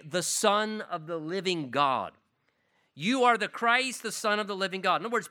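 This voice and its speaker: A man's voice: high-pitched, sharp tone. A man, a pastor, preaching a sermon in an earnest, emphatic way.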